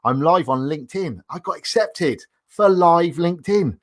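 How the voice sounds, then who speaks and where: A man's voice: on the high side, lively intonation, normal speed, dry recording. A man hosting a live solo podcast, chatting in an upbeat way and laughing often. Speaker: podcast host.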